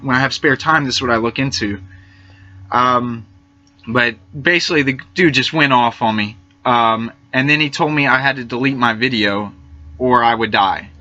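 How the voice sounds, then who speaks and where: A man narrating over screenshots of messages, hesitant and halting, with many fillers and restarts, nervous and frightened. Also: mid-range voice, sharp tone, dull audio. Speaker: YouTube channel host.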